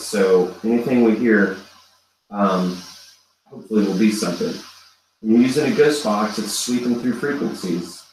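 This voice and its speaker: Man, ghost-hunt host, hushed coaxing calls, very roomy echo, distant from the mic, faint background hum. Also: on the low side. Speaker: paranormal event host. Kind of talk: live ghost-hunt commentary. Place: large old hotel room, indoors. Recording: very echoey room, voice from afar.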